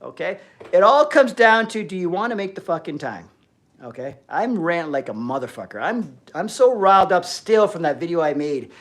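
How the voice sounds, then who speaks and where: A man on a fitness livestream, ranting about discipline and swearing freely, swinging between loud emphasis and low-key talk. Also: very animated, moderate pace. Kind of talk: ranting motivational live chat.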